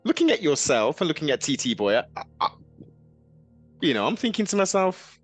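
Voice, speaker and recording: A man hosting a casual interview, speaking haltingly with repeated words and somewhat formal phrasing. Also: on the high side, sing-song, faint music behind. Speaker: podcast host.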